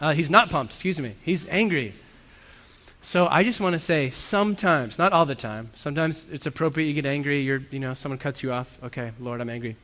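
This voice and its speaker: His pitch sits fairly high and his tone is a bit bright. In a church hall with long, echoing reverb, the man preaches as a pastor, sincere and chatty, with asides at his own expense.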